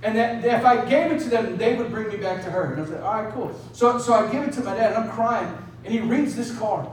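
High-voiced pastor preaching in an echoey hall. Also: male voice, fast, a little hiss or hum. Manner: storytelling, conversational, frequent "right?". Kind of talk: sermon. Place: church hall. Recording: echoey hall, mic at a distance.

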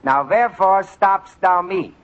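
A courteous adult student who answers earnestly. His voice is high-pitched. It comes through a muffled 1940s radio recording. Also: a little slow. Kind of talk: 1940s radio sitcom acting. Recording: muffled old radio broadcast.

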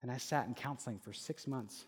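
A young man preaching a sermon, telling a personal story and lively when he quotes others. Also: mid-range voice, brisk, husky. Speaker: pastor. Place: church hall. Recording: echoey hall with long reverb.

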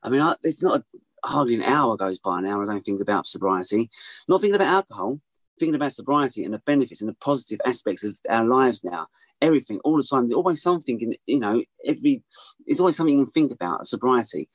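Earnest guy chatting on a podcast, mid-pitched, dry close mic, keeps circling back to his point. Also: lively intonation, fast, dry recording. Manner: earnest, repeats himself while explaining. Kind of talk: casual group chat.

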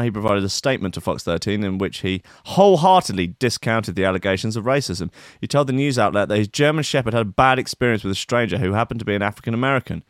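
A man's voice: fairly low pitch, dry recording, studio quality. A man hosting a stream, reading a news story aloud and breaking in with sarcastic, incredulous asides. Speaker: stream host.

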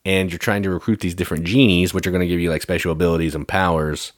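A man with a very deep voice walks through game rules in an easy, rambling podcast style. The recording is dry and close-miked. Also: fast, no echo. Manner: relaxed, explains rules with fillers like "like" and "um". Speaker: podcast co-host. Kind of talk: casual board game chat.

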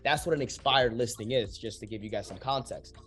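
A man's voice: mid-range voice, brisk, fairly bright tone, soft background music. A young man, a real estate agent, talking casually and acting out both sides of sales calls, swearing freely. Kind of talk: casual podcast talk, explaining sales calls.

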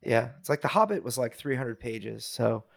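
Man, podcast co-host, gravelly, dry close sound, wry, blunt, rhetorical questions. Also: medium pitch, expressive, moderate pace, dry recording. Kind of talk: casual chat.

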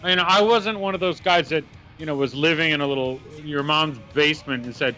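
A man's voice: a little high, a little fast, hardly any pauses, sharp tone. A man co-hosting a casual music chat, easygoing and defensive, with hesitant fillers. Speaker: music podcast co-host.

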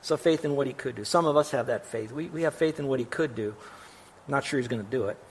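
A man preaching a sermon as pastor, emphatic and animated, his voice climbing when he quotes scripture and dropping into wry asides to the congregation. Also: medium pitch, fast talker, slight background noise. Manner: emphatic and animated, voice rising on quotations.

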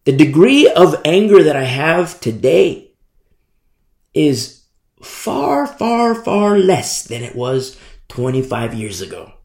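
A middle-aged man preaching a sermon as pastor, animated and repetitive, with many asides. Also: fairly high pitch, slow, echoey room.

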